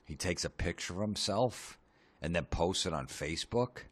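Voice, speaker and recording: A man hosting a comedy podcast, ranting sarcastically with lots of swearing and deadpan asides. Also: low-pitched, normal speed, breathy edge.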